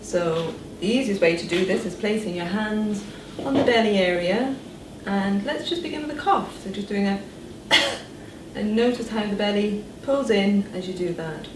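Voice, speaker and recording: Speaking slowly and calmly, a woman who works as a voice therapist demonstrates breathing and vocal exercises for listeners to follow. Her pitch is medium. The sound comes from a distant, echoey room with noise in the background.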